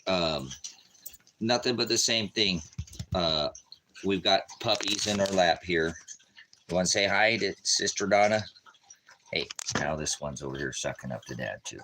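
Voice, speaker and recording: A man's voice: low-pitched, background noise. A man preaching casually on a live stream from home, rambling, joking and talking to his dogs.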